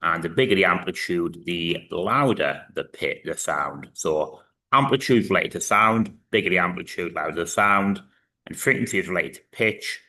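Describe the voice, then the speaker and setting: A man's voice: low voice, expressive, moderate pace, sharp tone. A man in his thirties teaching a recorded physics lesson, explaining step by step with frequent fillers. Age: 30s.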